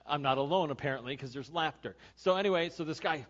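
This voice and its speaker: A middle-aged male pastor giving a conversational sermon, telling a personal story with animated voices and then turning quiet and earnest to make his point. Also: a little high, fast talker. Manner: animated storytelling, acting out his own road rage; turns quiet and earnest when making the point. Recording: dull lo-fi sermon recording.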